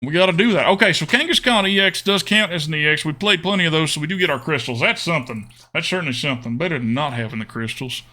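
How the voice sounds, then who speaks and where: A man talks through a card game for his stream viewers, chatty and loose. His voice sits a touch high and rings very bright and sharp. He leans into a jokey, put-on twangy drawl. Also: fast talker, hardly any pauses.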